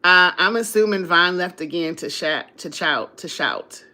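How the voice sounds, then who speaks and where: A woman talks on her live stream in a bright, forceful voice. She chats loosely with her viewers, laughs a lot and reads their comments aloud, a little drowsy after eating. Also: on the low side, measured pace. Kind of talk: casual live stream chat.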